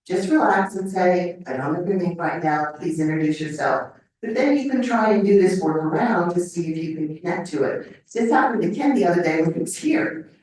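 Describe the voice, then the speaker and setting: A woman's voice: on the low side, darkish tone. Older woman lecturing in an echoey hall. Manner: conversational, checks in with "okay?". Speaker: memory lecturer. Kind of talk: live lecture to an audience. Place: lecture room. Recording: echoey hall mic from a distance.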